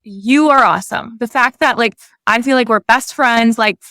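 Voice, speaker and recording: A woman's voice: fairly high pitch, normal speed, no echo, studio quality. A woman co-hosting a podcast, chatting casually with many fillers and praising her guest. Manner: warm, complimentary, chatty with fillers. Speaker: podcast co-host. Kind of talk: casual chat.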